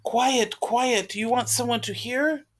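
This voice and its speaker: A woman reading the part of an irritable, fussy middle-aged man in a play read aloud, in a sharp, scolding voice. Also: fairly low pitch, normal speed, natural voice. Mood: urgent scolding. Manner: sharp, scolding, loud complaints.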